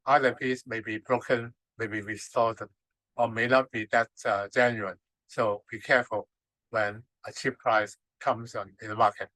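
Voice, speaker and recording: A man's voice: mid-range voice, flat delivery, moderate pace, sharp tone, no echo, poor audio. A man from Hong Kong, a native Cantonese speaker, giving a lecture in hesitant English full of uhs. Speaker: guest speaker, ceramics expert. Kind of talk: lecture presentation.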